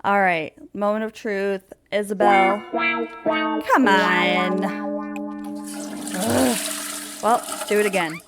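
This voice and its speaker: A woman's voice: mid-range voice, lively intonation, very slow, pauses often, loud music behind the voice. A young woman telling a life-sim game story in a chatty way, giggling and cutting herself off. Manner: chatty, giggly, self-interrupting. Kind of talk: casual narrated gameplay storytelling.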